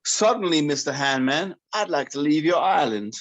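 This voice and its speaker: A man's voice: a little high, animated, normal speed, fairly bright tone, muffled recording. A man putting on a theatrical film-character voice. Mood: mimicking. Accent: mock North Korean. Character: man quoting a film character in a mock accent.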